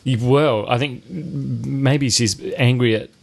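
A man's voice: mid-range voice, slow, gravelly. A man hosting a casual film review chat, wry and rambling, with frequent restarts. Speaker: film review show host.

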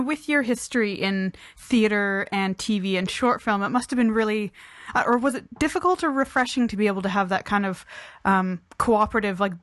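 A woman's voice: medium pitch, no room sound. A woman interviewing a film director, asking chatty, slightly hesitant questions.

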